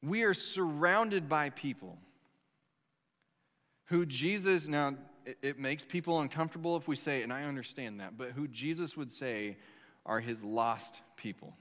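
A man delivers a sermon in a relaxed storytelling way, circling back and restarting his sentences. His voice sits high and sounds bright and forward. Long reverb from the sanctuary trails every phrase. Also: measured pace. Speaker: pastor.

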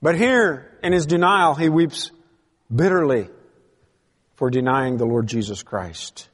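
A man's voice: fairly high pitch, lively intonation, unhurried. Emphatic preaching man in a reverberant hall. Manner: preaching with emphatic rises and drops, reading scripture aloud. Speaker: pastor. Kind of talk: sermon.

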